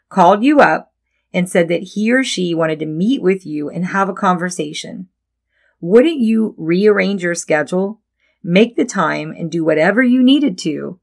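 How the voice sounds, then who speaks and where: A middle-aged woman hosting a devotional podcast as a Christian life coach, talking in a gentle, encouraging, reflective way. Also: on the low side.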